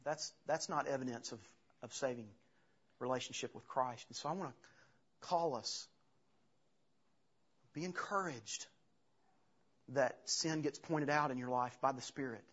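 A man preaching a sermon as pastor, earnest and halting, often restarting his phrases. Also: medium pitch, fairly bright tone, slightly rough. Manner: earnest, halting with restarts, retells scripture with acted quotes. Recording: dull lo-fi sound.

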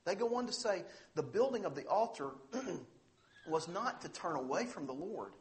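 Earnest, higher-voiced man preaching a sermon. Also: lively intonation, normal speed. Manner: earnest, emphatic preaching with rising stress on quoted scripture. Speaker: pastor.

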